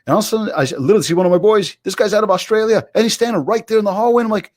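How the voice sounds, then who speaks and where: Animated male interview guest. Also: a little high, rapid-fire, hardly any pauses, dry recording, clean studio sound. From Canada. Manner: animated storyteller, acts out quotes. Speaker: keynote speaker guest. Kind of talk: casual interview chat.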